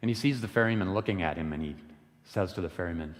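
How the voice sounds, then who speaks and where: Deep-voiced man telling a parable in church. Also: big-room sound. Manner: unhurried, gentle retelling of a parable. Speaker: lay worship speaker. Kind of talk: storytelling sermon. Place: church sanctuary.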